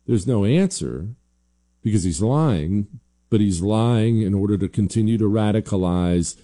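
A man hosts an opinionated commentary show. His voice is deep-set and very mellow, with no brightness at all. He drives his points home combatively, repeating lines for emphasis. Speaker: political commentary host.

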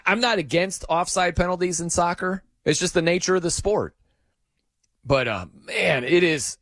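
A man hosting a sports radio show, telling stories in an animated, excitable way. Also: no room sound. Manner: animated, excitable storytelling with dramatic pitch swings. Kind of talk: casual sports talk monologue.

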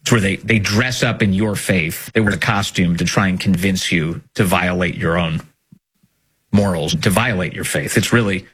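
A man's voice: low-pitched, moderate pace, fairly bright tone, slightly rough. A middle-aged man hosting a political opinion monologue, emphatic and indignant, repeating his points. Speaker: political commentator host.

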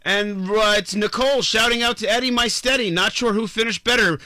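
A man hosting morning radio, reading listener shout-outs aloud in a quick, playful way. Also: high voice, noisy background. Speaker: radio show host.

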